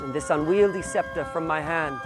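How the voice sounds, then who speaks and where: An actor rehearsing a deposed king giving up his crown, in slow, measured stage verse, heard from a distance. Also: fairly high pitch, lightly acted. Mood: solemn. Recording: distant outdoor rehearsal with music over it. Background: music.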